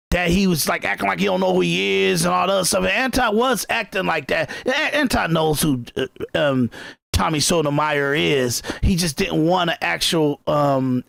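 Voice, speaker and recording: A man hosting a podcast, rambling and irritated as he reacts to clips. His voice sits a little high with a gravelly fry. It sounds dry and close to the mic. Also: a bit bright, no echo. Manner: rambling, irritated, repeats himself with restarts. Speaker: podcast host. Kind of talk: casual commentary reacting to clips.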